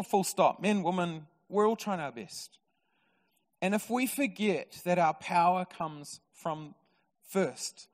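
Lively New preacher in a reverberant hall. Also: male voice, on the high side. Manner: lively, storytelling preacher with humour. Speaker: pastor. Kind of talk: sermon. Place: church auditorium. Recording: long reverb of a church hall.

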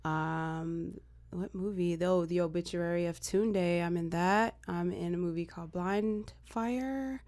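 A woman's voice: fairly low pitch, darkish tone. A woman guest, an actor and writer, chatting casually and playfully in an interview. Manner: playful, quick to laugh.

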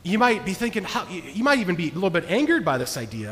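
A man preaching a sermon as pastor, earnest, moving between hushed and emphatic delivery. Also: high voice, sing-song, quick pace, a little hiss or hum. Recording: long reverb of a large hall.

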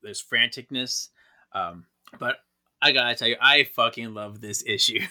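A man's voice: mid-range voice, normal speed, bright, forceful tone. A man co-hosting a podcast, chatting enthusiastically with lots of laughter. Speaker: podcast co-host. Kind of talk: casual chat.

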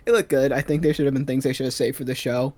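A man's voice: medium pitch, steady tone, quick pace, darkish tone, no room sound. A young man co-hosting a podcast, talking bluntly and profanely with joking bursts of mock anger. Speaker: podcast co-host. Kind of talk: casual podcast chat.

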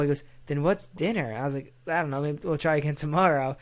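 A man's voice: a little high, fast, hardly any pauses, slight background noise. A man in casual banter, ranting emphatically with heavy swearing.

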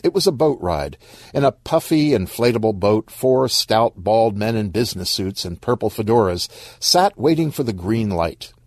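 A man narrating a short story in a wry, expressive storybook reading. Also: fairly low pitch, moderate pace, no echo, clean studio sound.

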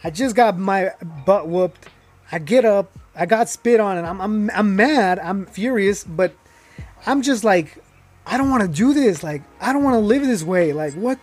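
A young man with a high voice tells his own story in loose, casual talk. He rambles, restarts often and leans on fillers, getting heated at times. Faint music plays behind him. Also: expressive, a little slow, darkish tone. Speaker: guest telling his life story.

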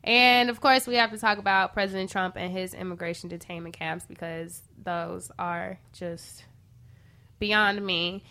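A woman hosting a casual radio-style talk show, chatty and loose, pausing often on "um" as she moves between topics. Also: lowish voice, fairly even intonation, pushed and bright. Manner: chatty, with frequent "um" pauses.

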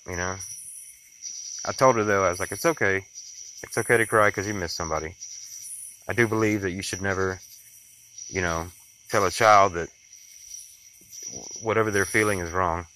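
A young man talks casually to camera in a daily vlog, rambling and reflective, full of fillers and restarts. His voice sits very low yet sounds bright and forceful. Faint noise hums in the background. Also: fairly even intonation, moderate pace, pauses often, rough recording. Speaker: vlogger, father. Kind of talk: casual daily video diary.

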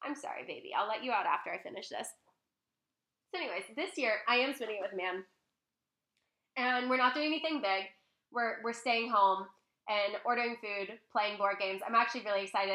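A young woman vlogger telling a personal story in a casual, chatty way at home, full of fillers and animated quoting. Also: a little high, fairly quick, echoey room. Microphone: laptop mic, close.

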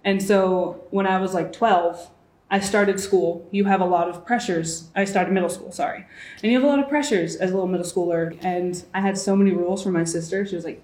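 A woman's voice: lowish voice, fairly even intonation, brisk, a little mellow, roomy sound. A woman in her early twenties, a guest in a casual chat, talking freely and acting out the voices she quotes. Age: 20s. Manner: chatty, acts out quoted voices.

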